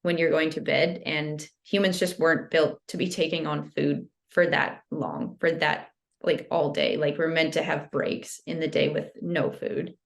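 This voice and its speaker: Female guest expert, low-pitched, steady and casual, explains things plainly. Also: unhurried, creaky. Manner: steady, explanatory, uses "like" often. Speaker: health guest.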